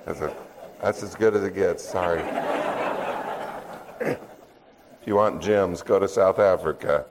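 An older man, a guest preacher, opening his sermon in a relaxed, joking, self-deprecating way before turning to scripture. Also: sits low, takes it slowly, background noise. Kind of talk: sermon with dad jokes.

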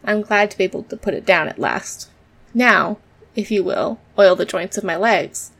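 Polite, mournful tin man in a storybook; woman reader voices him, a touch of fry. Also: medium pitch, normal speed, fairly bright tone. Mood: plaintive.

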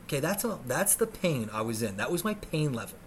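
His voice is a little high and a little fast, with slight background noise in the clip. The podcast host relates a comic, swear-filled story with animation, breaking into shrieks when he acts out scenes.

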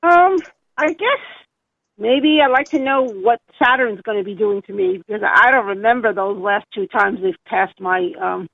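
An older woman with a New York accent calls in to a show and talks in a halting, rambling way. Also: mid-range voice, creaky, fairly bright tone, no echo. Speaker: caller. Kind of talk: phone-in call. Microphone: telephone. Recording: tinny phone line.

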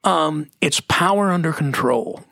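A middle-aged man talking about faith in an emphatic, preachy way, slowing down to stress key words. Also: on the high side, vocal fry, a bit bright, dry recording, clean studio sound. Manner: emphatic, preachy, drops into slow stressed phrases. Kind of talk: conversational Christian teaching.

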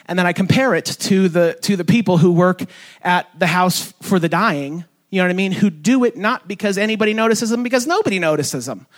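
A young man preaching a sermon as pastor in a casual, conversational way, with fillers and self-corrections, sometimes jumping high to act out quoted voices. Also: animated, fairly quick. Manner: acts out quoted voices in sudden high pitch. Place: church sanctuary.

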